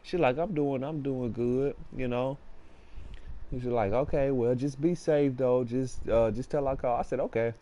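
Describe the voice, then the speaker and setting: With a medium-pitched voice at normal speed, a young man shares a personal story in a relaxed way. He's an animated storyteller who performs the voices of the people he's quoting.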